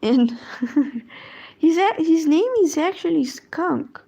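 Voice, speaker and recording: A woman's voice: sits high, lively intonation, takes it slowly, creaky, mellow, muffled recording. A woman chatting casually while she draws, rambling along with lots of fillers and trailing thoughts. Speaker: drawing streamer. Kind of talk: casual chat while drawing.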